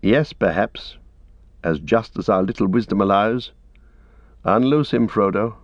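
A man's voice: lowish voice, no echo. A man reading a stern noble captain. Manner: measured, formal and commanding. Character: stern noble male captain, grave and just. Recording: dry, slightly dull audiobook recording.

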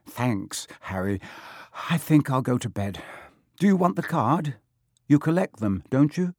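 A man's voice: mid-range voice, very animated, a little slow, darkish tone, no echo. A timid young schoolboy from a storybook, played by a male reader, hesitant and trembling in his words. The sound is close and dry, with no room around it. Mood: meek. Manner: shaky, hesitant. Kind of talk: audiobook reading.

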